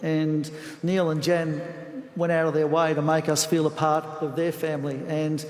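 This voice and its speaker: Australian male coach, sixties, eulogy storyteller, somewhat raised pitch, hesitant restarts, reverberant hall. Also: flat delivery, normal speed. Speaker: football coach giving a eulogy. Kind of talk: memorial speech with anecdotes. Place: large funeral venue. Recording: long reverb of a large hall.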